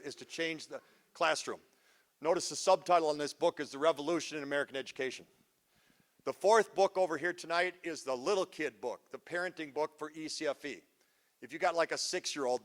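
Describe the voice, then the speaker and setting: Goofy, joking man on stage. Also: a little high. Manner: joking, goofy, energetic, teasing the crowd. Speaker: parenting seminar speaker. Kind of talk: live motivational talk to an audience. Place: school event before a live audience.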